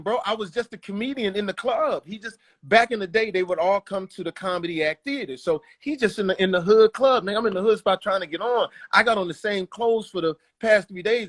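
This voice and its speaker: A man telling stories as a guest in a casual interview, animated and quick to slip into voices. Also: high voice. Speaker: guest, comedian and actor. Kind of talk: casual storytelling.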